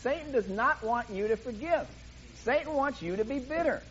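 A man's voice: extremely high pitch, expressive, normal speed, fairly bright tone, highs cut off, a little hiss or hum. A man preaching a sermon in an emphatic, impassioned way, often repeating himself for emphasis.

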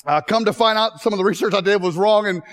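A man preaching in a chapel, joking and then growing emotional and loud. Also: high voice, quick pace. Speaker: chapel speaker. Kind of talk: humorous sermon.

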